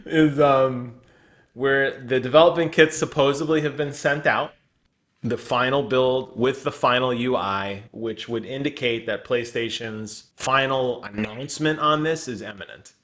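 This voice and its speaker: A young man co-hosting a gaming podcast, chatting loosely and breaking into giggles. His voice sits at an ordinary middle pitch. He keeps dropping into jokes and mock voices as he talks. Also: unhurried, fairly bright tone. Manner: giggly, jokey, slips into silly voices. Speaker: podcast co-host. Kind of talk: casual chat.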